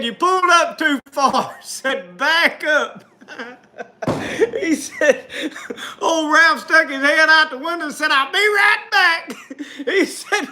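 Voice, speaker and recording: Man, folksy storyteller, high bright voice, laughs through his tale. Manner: laughs through his own story, drawling rural dialect.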